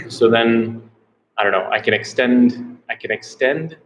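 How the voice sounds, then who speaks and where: An American travel vlogger doing a live Q&A chats casually from a small room, rambling, unsure and often repeating himself. His mid-range voice is slow with a fairly bright tone, on a rough recording with slight background noise.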